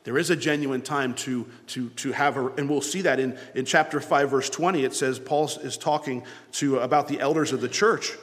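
A man preaching a sermon in a church, swinging between loud, emphatic lines and hushed ones. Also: mid-range voice, normal speed, few pauses, in a large hall. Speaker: pastor.

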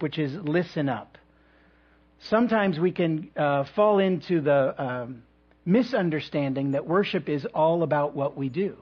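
Guy pastor preaching in church, kinda high voice, a bit husky, measured with some humor, dull lo-fi recording. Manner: measured, with reflective pauses and light humor. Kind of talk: sermon.

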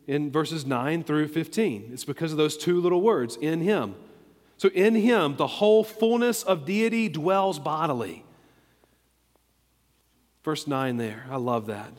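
A man's voice: on the high side, in a large hall. A man preaching a sermon as pastor, earnest and emphatic, repeating words for stress.

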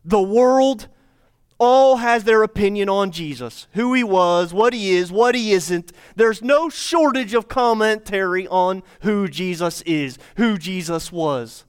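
A man's voice: high voice, lively intonation, slow pace, clear, resonant tone. A man preaching a sermon as pastor, speaking to his congregation with repeated phrases and rhetorical questions. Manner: repetitive, rhetorical questions, addresses congregation directly.

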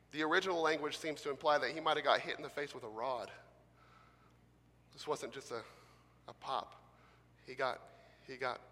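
A man preaching from the pulpit, his bright, forceful voice carrying a long reverb through a church sanctuary. He swings between loud, emphatic bursts and soft, gentle asides, slightly higher-pitched than most men. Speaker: pastor. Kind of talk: sermon.

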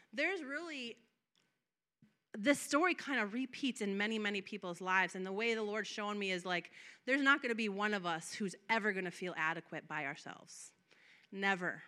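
Bright-voiced woman preaching with passion. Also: medium pitch. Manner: impassioned, swings from soft and drawn-out to loud and emphatic; acts out quoted prayers and dialogue. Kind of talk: sermon.

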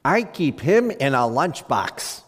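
A giddy, gushing woman, as a male preacher puts her on, breathy and eager, rattling off her delights in a lilting, slightly raised voice. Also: medium pitch, big pitch swings, takes it slowly, big-room sound. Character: giggly plump woman, excited and gushing.

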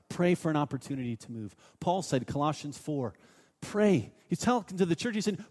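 Man, pastor, sermon, storytelling, loud-to-hushed swings, reverberant sanctuary. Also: fairly high pitch, very animated, moderate pace. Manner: storytelling, shifts between loud urging and hushed asides.

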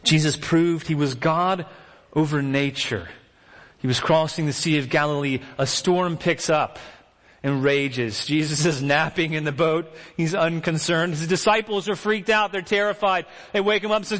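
A man preaching a sermon, telling Bible stories with animated, acted-out character voices. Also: a little high, moderate pace, in a large hall.

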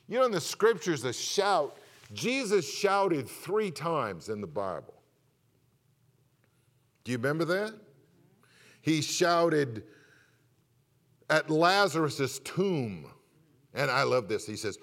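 A middle-aged pastor preaches a sermon, alternating loud emphatic points with low confiding asides and posing questions to his congregation. His pitch swings widely, and he speaks slowly with long pauses.

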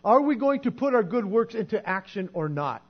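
A man's voice: high voice, sing-song, fairly quick, slightly rough. A man preaching a sermon in an earnest, conversational way, often repeating words as he goes. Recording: dull lo-fi recording with mains hum.

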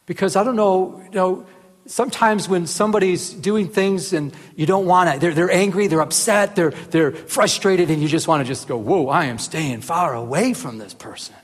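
High-voiced man teaching scripture. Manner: earnest, rises into animated emphasis, often asks "remember?". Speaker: Bible teacher. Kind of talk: casual Bible teaching. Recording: reverberant hall.

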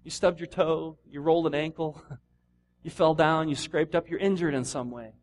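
High-voiced man preaching conversationally. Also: normal speed. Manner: conversational, animated, acts out voices of runners. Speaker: pastor. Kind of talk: sermon.

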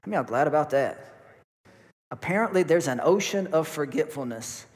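A man's voice: on the high side, lively intonation, fairly quick. A man, preaching a folksy sermon to his congregation and repeating words as he goes. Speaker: pastor. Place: church hall. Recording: long reverb of a church hall.

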